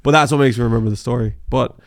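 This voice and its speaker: A man telling animated, profanity-laced car racing stories as a podcast guest, full of fillers. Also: mid-range voice, very fast, dry recording, clean studio sound. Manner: animated, swears freely, many fillers. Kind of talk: casual storytelling interview.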